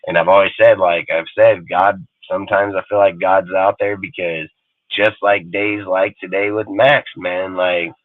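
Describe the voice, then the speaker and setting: A man's voice: deep voice, little pitch movement, measured pace, no room sound. A man hosting a sports talk show, ranting heatedly with constant swearing and emphatic repetition. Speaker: sports podcast host. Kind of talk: heated casual rant. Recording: dry, phone-like line.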